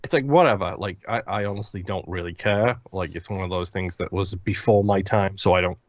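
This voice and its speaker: A man's voice: sits low, a little fast, no echo, muffled recording. A man from Liverpool, co-hosting a podcast in a blunt, rambling, profane way. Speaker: podcast co-host. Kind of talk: casual chat.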